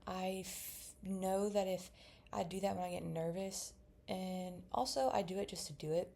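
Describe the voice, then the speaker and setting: A woman's voice: on the low side, moderate pace, gravelly, dark tone. Young woman rambling while she draws. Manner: rambling, mumbles to herself. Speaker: vlogger. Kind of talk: casual chat while drawing.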